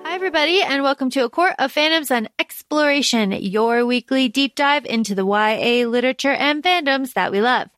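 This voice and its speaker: A woman co-hosting a casual book podcast, talking in animated bursts and circling back on herself. Her voice sits a little high. The recording is close and dry, with no room sound. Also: fairly quick, few pauses, no echo, soft background music. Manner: animated, rambling storytelling with restarts. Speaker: podcast co-host. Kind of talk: casual chat.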